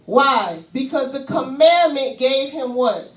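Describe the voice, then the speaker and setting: Woman preacher, higher voice, animated and chatty, miked from a distance in a roomy church. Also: takes it slowly. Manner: animated, conversational preaching with casual asides. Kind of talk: sermon with volunteers on stage. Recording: echoey church room, voice from afar.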